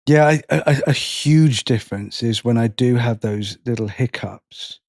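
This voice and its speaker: A man co-hosting a podcast, talking casually in halting restarts and swearing freely. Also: medium pitch, darkish tone, no room sound, clean studio sound. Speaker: podcast co-host.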